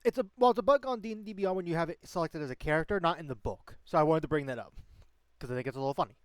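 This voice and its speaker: A man's voice: on the high side, rapid-fire, dry recording. A man hosting a casual stream chat as game master, rambling with many fillers and restarts.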